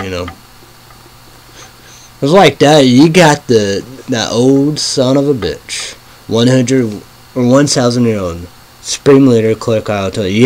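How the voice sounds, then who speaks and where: A man's voice: fairly low pitch, rough recording. A man hosting his own online show in casual rambling talk, full of "you know" fillers and swearing. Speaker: show host.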